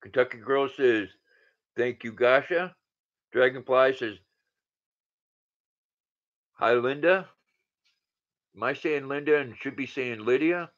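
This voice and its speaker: A man's voice: medium pitch, takes it slowly, long pauses, a bit bright. A man in his sixties hosting a casual livestream, greeting viewers by name and reading their comments aloud. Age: 60s. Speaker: livestream host. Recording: dull lo-fi sound.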